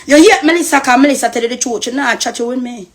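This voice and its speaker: A woman's voice: high-pitched, quick pace. A woman from Costa Rica with a Jamaican Patois accent, ranting heatedly and profanely on a live stream. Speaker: social media personality.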